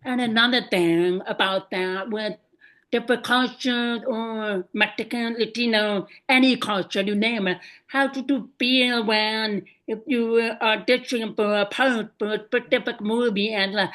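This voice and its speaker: A woman's voice: fairly high pitch, fairly even intonation, measured pace, fairly bright tone. A woman hosting a podcast, asking long, winding questions of her guest. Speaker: podcast host. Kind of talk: interview questions.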